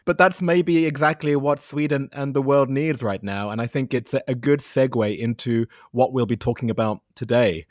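A male podcast host asking questions politely and warmly in a medium-pitched voice. The recording is close and dry. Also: normal speed, few pauses, no room sound. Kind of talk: interview.

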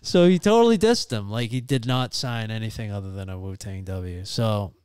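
Guy, kinda low voice, dry close mic, animated swearing storyteller. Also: normal speed, smooth, dry recording. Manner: animated, profane, acts out voices in anecdotes. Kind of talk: casual storytelling chat.

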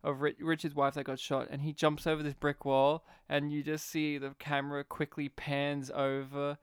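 An excitable man chatting about movies, his smooth voice pitched a little high. He laughs a lot and jumps into quick impressions as he goes. The sound is dry and close, with no room around it. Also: no room sound. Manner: animated, laughs often, acts out scenes in voices. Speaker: podcast co-host. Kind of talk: casual film-review chat.

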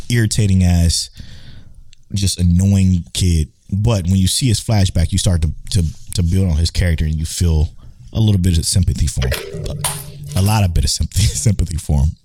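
Low, dark-voiced young man hosting. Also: dry recording. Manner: rambling, profane, self-correcting. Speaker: podcast host. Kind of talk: casual anime podcast chat.

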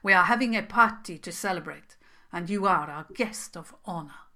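A woman voicing a gentle, gracious queen in a storybook reading. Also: on the low side, moderate pace. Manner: gentle and kind.

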